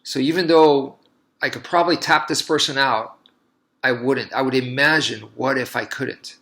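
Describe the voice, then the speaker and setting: A man's voice: medium pitch, fairly even intonation, normal speed, pushed and bright. A man, a martial artist, talking casually and telling a long story in a loose, rambling way with many restarts.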